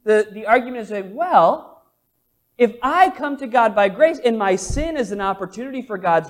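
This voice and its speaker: A man's voice: high voice, lively intonation, normal speed. A man preaching a sermon in a church service, emphatic and asking his congregation questions. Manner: emphatic, questioning the congregation with rising repeated phrases. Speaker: pastor.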